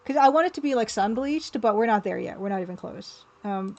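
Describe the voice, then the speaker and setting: A woman's voice: a little high, animated, a little fast, muffled recording, background noise. A woman livestreaming as an artist, chatting casually and playfully, with easy laughter. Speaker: livestreaming artist and game developer.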